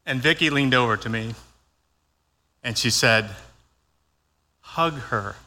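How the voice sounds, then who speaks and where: A man's voice: mid-range voice, moderate pace, bright, forceful tone. An older man preaching a sermon in a folksy, conversational way, acting out his own lines as he goes. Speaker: pastor. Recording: long hall reverb.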